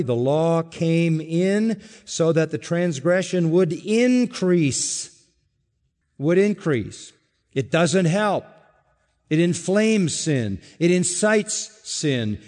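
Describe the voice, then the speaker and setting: A man's voice: fairly high pitch, a little mellow, long reverb tail. A man preaching a sermon, emphatic and insistent, repeating key phrases for weight. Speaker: pastor.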